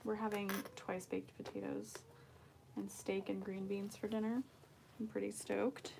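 A woman's voice: mid-range voice, big pitch swings, a little slow, creaky, noisy background. A young woman chatting casually on a sewing livestream, reading out viewer comments as she works. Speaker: bag maker hosting a sewing livestream.

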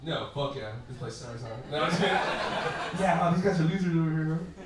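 A man's voice: on the high side, expressive, a little fast, background noise. Profane young-sounding man doing crowd work. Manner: profane, rambling, laughs often mid-sentence. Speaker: stand-up comedian. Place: comedy club stage. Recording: far-off roomy club recording with crowd. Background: audience laughter.

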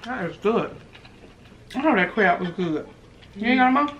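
A woman's voice: medium pitch, lively intonation, moderate pace, dull audio, background noise. A young woman hosting a casual eating vlog, teasing and talking between bites. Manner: loose, teasing, talks while eating, drawls. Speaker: mukbang channel host.

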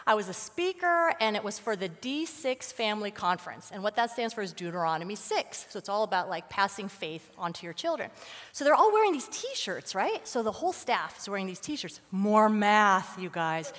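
A woman giving a lively, conversational sermon as a guest speaker, telling stories with casual fillers. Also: medium pitch, normal speed, long reverb tail. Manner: animated, casual storytelling with fillers. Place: church sanctuary.

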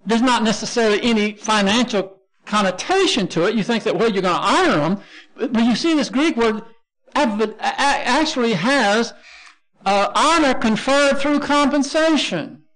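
A man's voice: extremely high pitch, moderate pace, fairly bright tone. A man with a Texan accent teaching a Bible lesson as pastor, explaining Greek words step by step and spelling them out letter by letter. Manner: explains word by word, spells out Greek terms, frequent restarts.

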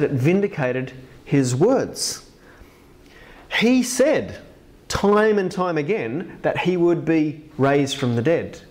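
A man with a slightly high voice preaches in a church. He talks with lively emphasis and rises sharply on key phrases as he reads scripture aloud. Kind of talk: sermon.

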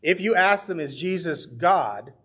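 A male pastor leading a midweek Bible study, talking in an earnest, conversational way. His voice sits a little high and has a husky edge. Now and then he slips into the voices of the people he quotes. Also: expressive, measured pace, pushed and bright.

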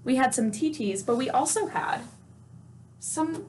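A woman with a high voice leads a children's music lesson, speaking slowly and patiently. She encourages the class with questions and sings or chants short examples. Faint noise sits behind her. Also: animated, darkish tone. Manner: sings note names and chants. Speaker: music teacher.

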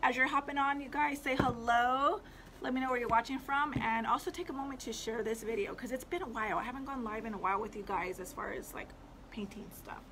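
A woman's voice: on the high side, fast, a bit bright, a little hiss or hum, low-quality recording. A young woman, chatting casually to viewers on a live stream as she shows her thrift finds, rambling with lots of fillers. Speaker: livestream host showing thrift finds.

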